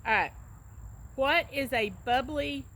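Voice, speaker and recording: A vlogger with a Southern US accent does an accent tag, chatting casually and laughing as she tells stories. Her high-pitched, slightly bright voice moves slowly over slight background noise.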